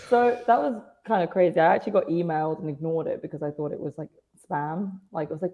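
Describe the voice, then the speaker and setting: A woman's voice: lowish voice, brisk, mellow. A British woman in her twenties, a wrestler guesting on a podcast, chatting casually with dry self-mocking humour.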